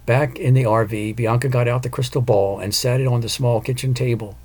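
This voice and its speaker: Reading a novel aloud as scripted narration, the male audiobook narrator keeps a mid-range voice and an even, measured storytelling manner.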